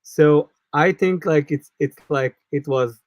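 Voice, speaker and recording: A man speaks as a guest on a live stream, in halting English with many fillers. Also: fairly high pitch, dry recording, lo-fi sound. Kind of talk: casual live-stream discussion.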